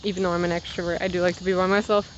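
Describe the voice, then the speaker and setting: A woman's voice: fairly low pitch, little pitch movement, very fast, lo-fi sound, slight background noise. A woman in her twenties chatting casually while walking outdoors, rambling through side stories and a little out of breath. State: slightly out of breath from walking uphill. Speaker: vlogger. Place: outdoors on a walk.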